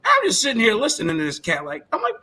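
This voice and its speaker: A man in a casual podcast chat, telling a lively story with swearing and frequent laughs. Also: high-pitched, quick pace.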